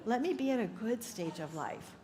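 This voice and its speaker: A woman's voice: fairly high pitch, expressive, normal speed, crowd noise. A woman minister giving an upbeat sermon, telling stories and laughing often. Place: church sanctuary. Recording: echoey hall with faint ambience.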